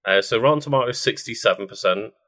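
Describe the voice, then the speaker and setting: A man with a low, bright and forceful voice co-hosts a relaxed podcast. He reads out film facts as he goes, filling gaps with ums and pauses, and keeps the talk loose and conversational. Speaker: podcast co-host. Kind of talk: casual chat.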